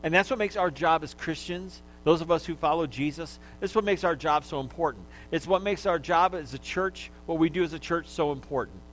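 A man's voice: fairly high pitch, fairly quick, few pauses, a bit bright, a little hiss or hum, low-quality recording. A male pastor preaching a sermon, teaching in an easy manner, getting listeners to repeat words after him and joking along the way.

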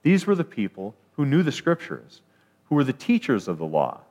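A man's voice: mid-range voice, huge pitch swings, moderate pace, darkish tone, highs cut off. A man preaching a sermon, emphatic, rising to declarations and often restarting his phrases.

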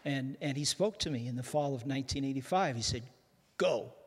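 A man's voice: mid-range voice, brisk, slightly rough. An older man from Canada, a guest pastor giving a humorous sermon, joking at his own expense and often restarting his sentences. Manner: self-deprecating, joking, with frequent restarts. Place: large church hall. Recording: long hall reverb.

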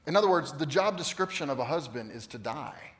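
Animated fifty-something preacher in a hall. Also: male voice, a little high, brisk. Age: 50s. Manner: animated storytelling, swings from loud to hushed. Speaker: pastor. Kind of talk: sermon. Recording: long reverb of a large hall.

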